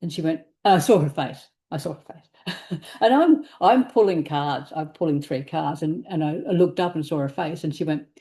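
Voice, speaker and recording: A woman co-hosting a tarot podcast, telling a story in a casual, animated way, laughing and acting out what people said. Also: deep voice, moderate pace. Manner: animated, laughing, acts out quoted speech. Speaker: tarot reader and podcast co-host.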